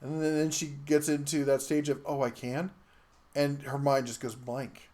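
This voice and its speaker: A middle-aged man hosting a live tool show, chatting casually and reading viewer comments in a rambling, halting way with many fillers. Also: medium pitch, steady tone, dark tone.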